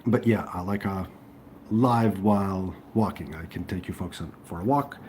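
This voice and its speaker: A man's voice: deep voice, moderate pace, a little mellow. A man chatting casually to viewers on a livestream, rambling with fillers and restarts. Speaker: livestream host. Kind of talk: casual live-stream chat. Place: indoors near a railway line. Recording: faint train noise in background. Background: passing train noise.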